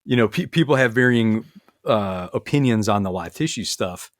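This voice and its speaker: A man with a lowish voice talks casually on a podcast. He tells stories in an earnest, rambling way, full of restarts and fillers. The sound is close and dry, with no room around it. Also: lively intonation, moderate pace, no echo. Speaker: podcast guest, retired military medic. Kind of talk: casual conversational storytelling.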